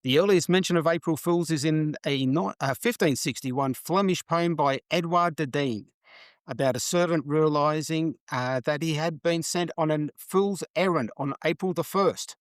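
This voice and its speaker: A man hosting a podcast, his voice sitting a little high. He tells stories in a loose, chatty way and laughs often. The sound is dry and close, with no room around it. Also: moderate pace, no echo. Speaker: podcast host. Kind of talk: casual chat.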